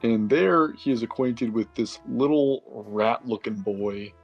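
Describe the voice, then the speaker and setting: A man's voice: mid-range voice, a little slow, vocal fry, highs cut off, faint music behind. A man casually recapping a tabletop game session as a player, rambling and correcting himself as he goes. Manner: rambling, self-correcting, filler-heavy.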